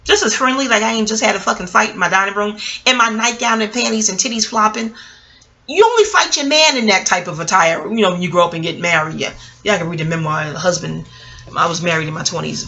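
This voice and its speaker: A middle-aged woman vlogger telling a story in a casual monologue, profane, animated and wisecracking. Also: medium pitch, fast.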